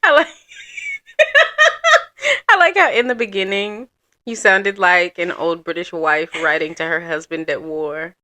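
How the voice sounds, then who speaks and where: Woman, podcast co-host, teasing casual chat, bright, lively pitch. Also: takes it slowly, pauses often. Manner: expressive, teasing. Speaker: podcast co-host, story reader.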